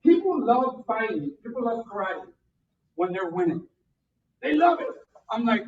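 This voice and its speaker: A karate instructor teaching a beginner class, counting out drills and calling punch commands in loud bursts. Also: mid-range voice, very animated, moderate pace, long pauses. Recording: distant, roomy, dull sound with faint noise.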